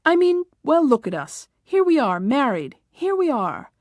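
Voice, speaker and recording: A woman reading the lines of a young newlywed husband who keeps trying to calm and coax his bride. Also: high-pitched, measured pace, no echo. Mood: exasperated coaxing. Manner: coaxing, then defensive.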